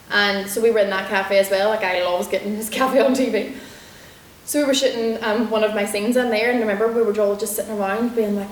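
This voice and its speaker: Chatty Northern Irish woman in a roomy hall. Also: medium pitch. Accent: Derry, Northern Irish. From Northern Ireland. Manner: chatty, animated anecdotes with quick laughs. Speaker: guest comedian and actor. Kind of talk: storytelling interview answers. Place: lecture room in a university building. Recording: roomy lecture hall with faint hiss.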